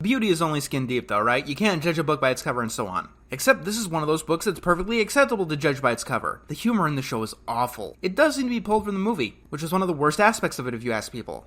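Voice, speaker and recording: A man's voice: fairly high pitch, sing-song, fast talker, hardly any pauses, a bit bright. A man narrating a scripted comedy review of a cartoon in a sarcastic, exasperated rant. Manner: sarcastic, exasperated and ranting, with swearing.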